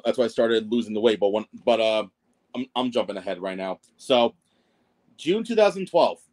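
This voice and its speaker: A man as a podcast guest telling his wrestling ring announcer story, rambling and self-deprecating, with lots of fillers and restarts. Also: medium pitch. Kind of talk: casual storytelling interview.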